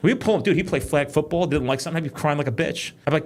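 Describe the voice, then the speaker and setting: A man talking in a casual podcast chat, profane and quick, telling animated stories about his kids and work. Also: fairly high pitch. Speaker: podcast guest, police trainer.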